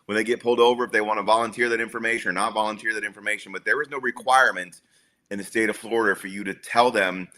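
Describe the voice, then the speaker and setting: Male co-host, bright and forceful tone, blunt and matter-of-fact, casual swearing. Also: on the low side, fairly even intonation, rapid-fire. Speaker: co-host explaining gun law. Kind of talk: casual podcast chat.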